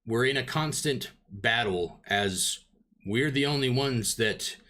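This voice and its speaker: A man's voice: medium pitch, slow, pushed and bright. A man voicing a bitter former nobleman who now keeps order among prisoners, stern and short-tempered as he explains.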